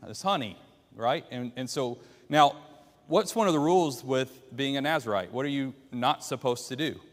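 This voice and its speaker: A man's voice: mid-range voice, expressive, normal speed. A man teaching a church Bible class, retelling a story and putting questions to the class. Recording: long hall reverb.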